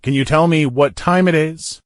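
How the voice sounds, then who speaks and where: A man with a slightly high voice reads beginner-level everyday English phrases at a moderate pace, first on their own and then within longer sentences. The English teacher is recorded in clean studio sound without echo.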